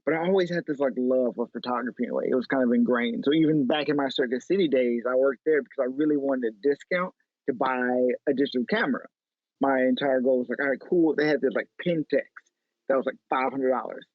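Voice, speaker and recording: A man's voice: medium pitch, fast, no echo. Chatty man on a tinny remote line. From Chicago, USA. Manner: animated, chatty, lots of "like". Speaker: guest photo editor. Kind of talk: casual interview storytelling.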